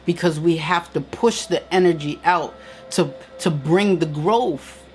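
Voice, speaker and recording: A woman's voice: on the low side, measured pace, darkish tone, soft background music. A woman giving an emphatic, preacherly motivational talk on a live stream. She repeats her key lines and answers viewer comments. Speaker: spiritual teacher hosting a live stream.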